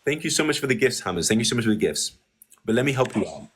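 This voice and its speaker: A man's voice: mid-range voice, very animated, rapid-fire, a bit bright, slightly rough. A young adult man hosting a heated live-stream debate, speaking in a smug, condescending manner and repeating the same set phrases. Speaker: debate host.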